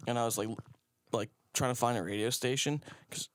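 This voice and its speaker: A man's voice: medium pitch, a little fast, no room sound, clean studio sound. A young man telling rambling, crude stories as a podcast guest, laughing often. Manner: rambling storyteller, laughs a lot. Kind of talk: casual crude chat.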